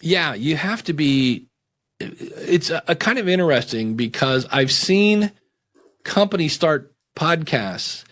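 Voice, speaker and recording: A middle-aged man talking as a guest in a casual podcast interview, animated and acting out quotes and voices as he explains. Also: slow pace. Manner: animated, acts out voices and quotes with big pitch swings.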